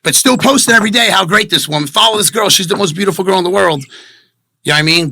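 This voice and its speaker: Brief: male interviewee, defensive and rambling, fairly high voice, dry close mic. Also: fast talker, vocal fry, sharp tone, dry recording. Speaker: interviewee telling his side of a breakup. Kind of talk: emotional confessional interview.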